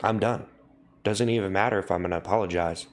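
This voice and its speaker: A man hosting a livestream, repeating a deadpan mock confession over and over. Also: deep voice, quick pace. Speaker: livestream host. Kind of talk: mock-solemn livestream apology.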